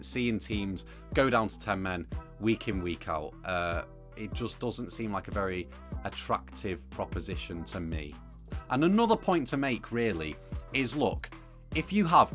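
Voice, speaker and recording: A young man delivers his football opinions straight to camera in a relaxed, chatty way, dotted with ums and asides. His voice sits on the low side. Soft music plays faintly beneath him. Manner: conversational, opinionated, with frequent fillers. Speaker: football video presenter.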